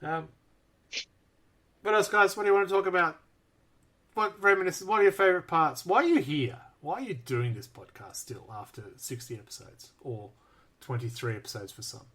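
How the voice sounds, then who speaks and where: A man's voice: fairly high pitch, expressive, fairly quick, sharp tone. An Australian man hosting a casual podcast chat, playful and full of questions for his co-hosts. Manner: playful, jokey, asks lots of questions. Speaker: podcast host.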